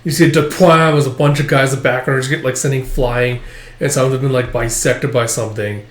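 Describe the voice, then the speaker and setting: A man's voice: mid-range voice, fairly even intonation, fast talker. A man casually reading through a comic chapter, rambling and using lots of filler words. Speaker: manga chapter reviewer. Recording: echoey room.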